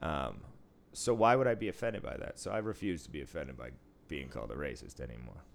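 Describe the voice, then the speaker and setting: A man's voice: extremely low pitch, expressive, a little fast, vocal fry. A man in his thirties telling a story in casual chat, blunt and profane.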